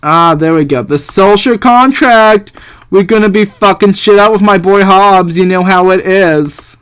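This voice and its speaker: A man's voice: high voice, fairly even intonation, moderate pace, a bit bright, clear, resonant tone. A man giving casual let's-play commentary, laughing easily and swearing casually.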